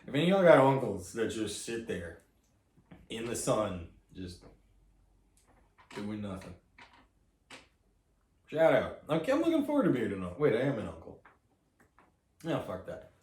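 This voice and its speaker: A man's voice: on the low side, wildly swooping pitch, moderate pace, long pauses, darkish tone, slight background noise. A man co-hosting a comedy podcast, rambling through crude stories in casual chat and laughing often. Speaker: podcast co-host. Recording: echoey room, distant mic.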